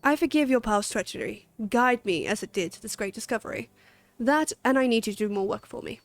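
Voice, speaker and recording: A woman's voice: fairly high pitch, lively intonation, a little fast. A woman reading a game's quest dialogue aloud for a haughty scholar obsessed with aether research, in a lofty, condescending way. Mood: scheming.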